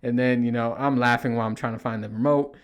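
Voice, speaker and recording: Middle-aged male host, casual rambling monologue, swears a lot, jumps into high panicked quotes. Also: fast, smooth. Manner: animated, swears freely, acts out panicked quotes in a higher voice. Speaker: podcast host.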